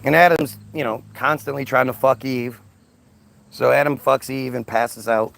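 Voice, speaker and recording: A man's voice: mid-range voice, steady tone, moderate pace, vocal fry, a bit bright. A man telling a crude, rambling comic story as a stand-up monologue.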